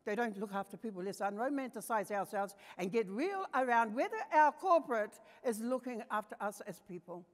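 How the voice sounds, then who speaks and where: An older woman with a New Zealand accent tells personal stories to a conference audience, her voice set fairly high. She shifts between quiet, tender passages and forceful emphasis. Her voice rings out with a long hall reverb. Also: lively intonation, brisk, few pauses. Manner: passionate, swings between soft and emphatic. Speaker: conference speaker. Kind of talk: personal storytelling talk.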